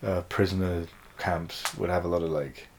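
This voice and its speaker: Low-voiced man chatting, faint noise behind. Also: normal speed. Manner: relaxed, hesitant, hedges with "I think". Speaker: podcast co-host. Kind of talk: casual chat.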